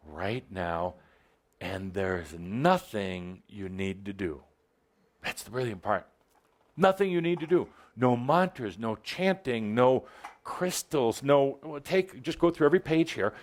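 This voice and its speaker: A man at an ordinary middle pitch gives a channeled spiritual address to a gathered audience. He is playful and theatrical, teasing his listeners. His voice swings from bright, lifted exclamations down to low asides.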